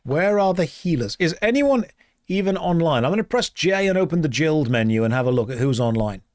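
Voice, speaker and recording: A man's voice: a little high, animated, fairly quick, no room sound, studio quality. Playful man streaming a game. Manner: reads chat aloud and answers, playful and exasperated. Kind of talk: casual gaming stream chat.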